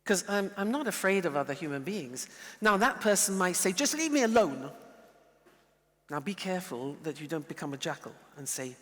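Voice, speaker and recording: A man giving a lively, playful lesson, acting out examples as he explains. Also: fairly high pitch, a little fast. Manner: lively, playful, animated demonstrations. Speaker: teacher. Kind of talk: lecture with role-play. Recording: long reverberant hall.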